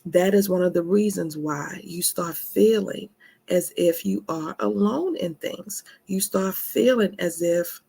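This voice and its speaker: Husky gravelly woman, emphatic self-care talk. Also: lowish voice, unhurried, warm tone. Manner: emphatic, laughing asides, calls listeners honey. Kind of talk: motivational talk.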